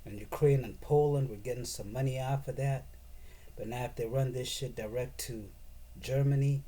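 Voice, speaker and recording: A man's voice: medium pitch, fairly even intonation, normal speed, mellow. A man giving a profane, sarcastic and rambling political rant as a commentator.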